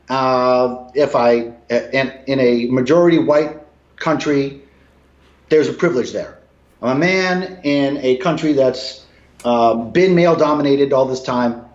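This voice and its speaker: A man talks with strong emphasis, his lively voice swooping from low grumbles to high, exasperated peaks. The sound is roomy and dull, as if in a bare apartment over a lo-fi line. He swears now and then and leans hard on his points. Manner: emphatic, swings between low mutters and raised outbursts, swears. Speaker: guest. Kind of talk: casual video call conversation.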